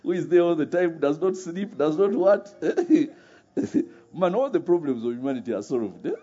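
A man's voice: a little high, very animated, moderate pace, dark tone, breathy edge. A man preaching a sermon, often laughing and firing rhetorical questions at his audience. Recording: muffled recording with faint music.

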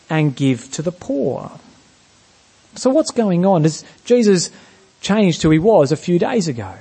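A man's voice: high voice, darkish tone. A man preaching a sermon, often putting rhetorical questions to his congregation.

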